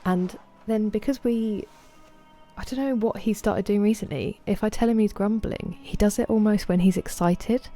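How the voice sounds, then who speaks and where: Mellow-voiced woman streamer chatting casually. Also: mid-range voice, normal speed, soft background music. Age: 30s. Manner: chatty and rambling, talks to her dog. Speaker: game streamer. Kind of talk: casual live-stream chat.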